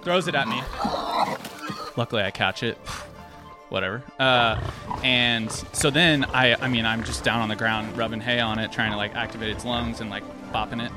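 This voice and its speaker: A young man telling a personal story to an audience, lively and acting out the people in it. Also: medium pitch, normal speed, over music. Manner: lively, acts out quoted voices. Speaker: speaker sharing a personal story.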